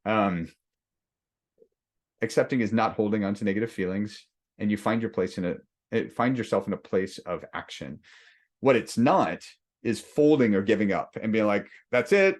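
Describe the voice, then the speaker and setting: Low-voiced male coach, conversational. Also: animated, normal speed. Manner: conversational, acts out inner voices with many restarts. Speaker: leadership coach. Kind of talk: workshop lesson.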